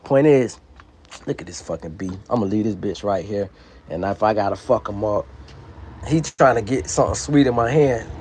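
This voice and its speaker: A man, ranting loudly and preachily into a handheld phone on a livestream outdoors. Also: fairly low pitch, moderate pace, a little hiss or hum. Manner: loud, profane, preachy and emphatic. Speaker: livestream host. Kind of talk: profane ranting monologue. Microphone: phone held in hand.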